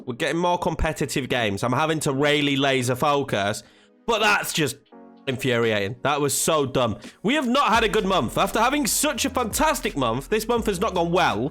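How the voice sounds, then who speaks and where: A man commentating his own football video game match, swinging between hushed tension and frustrated outbursts. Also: high-pitched. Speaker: gaming YouTuber.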